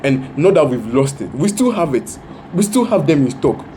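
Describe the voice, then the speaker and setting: A man's voice: a little high, sing-song, normal speed, warm tone, slight background noise. A man giving casual, earnest commentary to his viewers. He often repeats words for emphasis. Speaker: reaction video host.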